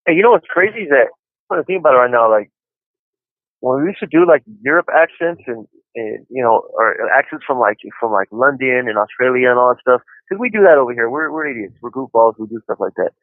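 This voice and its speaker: A man's voice: mid-range voice, animated, fast talker, dry recording. A man calling in from prison on a phone line, chatting casually and joking, often laughing and rambling. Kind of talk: casual chat over a phone call.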